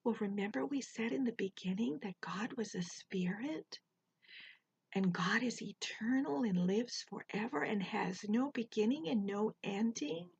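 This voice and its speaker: Slow, gentle older woman teaching children. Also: a little high, creaky, husky, lo-fi sound. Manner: slow and deliberate, pausing for children to repeat. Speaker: children's Bible storyteller.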